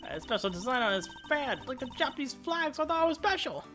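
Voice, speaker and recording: A woman's voice: high voice, sing-song, fast, music in the background, voice pushed up. A woman voicing a nosy, doting old woman who rambles theatrically in a game let's play. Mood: whiny. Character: shrill nosy old woman, gushing and pushy.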